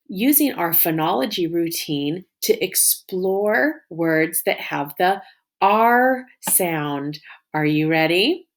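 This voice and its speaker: Slow, encouraging woman teaching phonics. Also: lowish voice. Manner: slow, encouraging, drawn-out modeling of sounds and syllables. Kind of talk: phonics lesson for young children.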